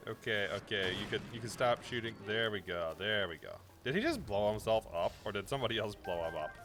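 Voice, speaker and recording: Male streamer, low voice, very animated pitch, playful teasing banter, casual gameplay chat. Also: fairly quick.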